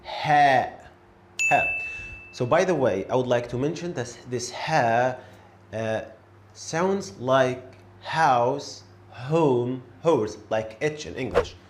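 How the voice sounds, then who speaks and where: Patient male teacher, slow and clear, mid pitch. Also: slight background noise. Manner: encouraging, repeats each letter slowly and clearly. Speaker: Arabic teacher. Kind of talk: beginner pronunciation lesson.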